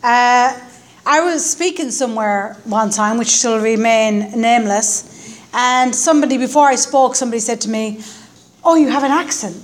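A woman's voice: a little high, moderate pace. A woman with an Irish accent, a guest speaker telling her life story at a meeting into a stand microphone, wry and self-mocking. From Ireland. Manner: wry, self-deprecating storytelling with acted quotes. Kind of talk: personal story talk at a recovery meeting.

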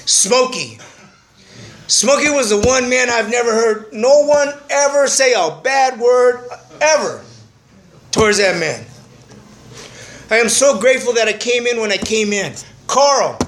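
A man's voice: very high-pitched, expressive, a little slow, fairly bright tone. A middle-aged man sharing his recovery story at a meeting in a profane, streetwise, earnest way. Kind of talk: personal testimony, casual storytelling. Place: meeting room.

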